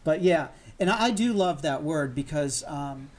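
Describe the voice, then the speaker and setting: A man's voice: on the high side, expressive, normal speed. A man guesting on a casual comedy podcast, rambling and profane, often laughing through his rants.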